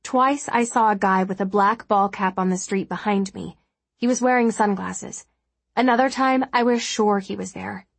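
A woman voicing an anxious, self-doubting woman flight attendant in a storybook reading, worried and halting. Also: mid-range voice, gravelly, no room sound.

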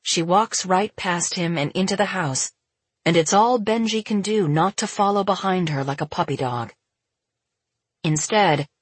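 A woman reads a novel aloud in calm, even narration. Her voice is slightly low and faintly husky. The recording is close and dry, with no room sound. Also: no room sound. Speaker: audiobook narrator. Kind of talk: scripted narration.

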